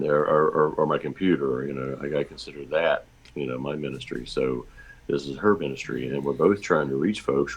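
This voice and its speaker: A man chatting casually as a regular guest, talking in a halting, self-deprecating way. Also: very deep voice, fairly bright tone. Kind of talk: casual chat.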